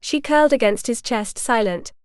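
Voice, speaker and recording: A woman narrating a historical romance audiobook in a calm, even storytelling manner. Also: fairly high pitch, normal speed, clear, resonant tone, no echo, clean studio sound.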